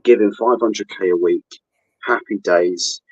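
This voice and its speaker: A man's voice: on the low side, unhurried, no echo, lo-fi sound. A man bantering in a casual football chat, playful and mock-theatrical.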